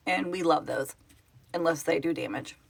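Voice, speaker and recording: A woman's voice: low-pitched, moderate pace, creaky, husky. A middle-aged woman from Oklahoma hosting a casual live stream from home on her phone, chatting and answering viewers' comments in a rambling, self-correcting way. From Oklahoma, United States. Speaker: livestream host, project founder.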